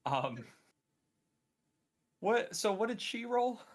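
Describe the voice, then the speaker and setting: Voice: mid-range voice, very animated, slow pace, a little hiss or hum. A player in a tabletop game chatting and bantering in character, brash and swearing often.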